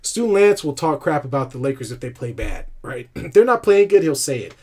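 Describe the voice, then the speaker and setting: A man's voice: fairly high pitch, sing-song, brisk, a little mellow, husky. A man co-hosting a casual sports talk show, ranting animatedly with frequent restarts and laughs. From California. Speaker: podcast co-host.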